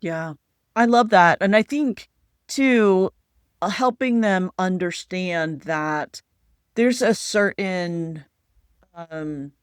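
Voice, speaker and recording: A woman's voice: lowish voice, takes it slowly, clear, resonant tone, dry recording, studio quality. A woman hosting a career podcast, affirming and encouraging her guest, often checking in with "right?". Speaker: podcast host. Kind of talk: casual interview chat.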